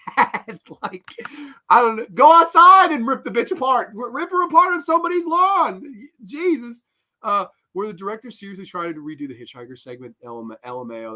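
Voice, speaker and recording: Bright, fired-up male horror host ranting. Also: a little high. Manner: profane, heated, rambling, with bursts of laughter. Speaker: horror film podcast host. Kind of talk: angry film review rant.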